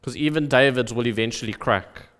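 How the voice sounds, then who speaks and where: In a church sanctuary with the long reverb of a church hall, a pastor preaches a sermon. His medium-pitched, slightly bright voice moves briskly and earnestly, rising and falling for emphasis.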